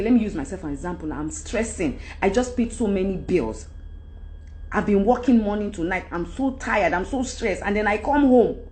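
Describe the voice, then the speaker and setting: Live-streaming from her phone, this middle-aged woman with a Nigerian accent delivers an unscripted, preachy rant full of animation and loud outbursts. Her voice is high.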